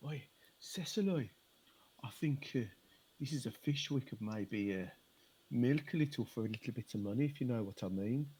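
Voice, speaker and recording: An actor playing a rough, chummy con man who talks bluntly and schemes for money. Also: on the high side, animated, moderate pace, darkish tone. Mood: scheming.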